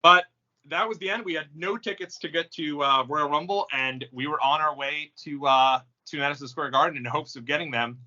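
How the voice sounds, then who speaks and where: A man chats on a podcast and tells his stories with real energy, laughing and acting out what people said. His voice is very bright and a little high for a man. The recording is dull and lo-fi. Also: a little fast. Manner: animated storyteller, laughs often, acts out quoted lines. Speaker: podcast host. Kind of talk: casual chat. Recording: dull lo-fi sound.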